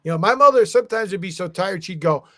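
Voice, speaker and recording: A middle-aged man telling stories in a casual chat, animated and profane, acting out quotes. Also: high voice, fast talker, no echo, studio quality. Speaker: guest, comic artist and art agent.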